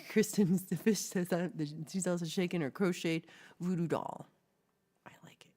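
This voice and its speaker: A woman's voice: fairly low pitch, mellow. A woman co-hosting a livestream, chatting casually and reading out comments in a rambling, giggly way with playful asides. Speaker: livestream co-host.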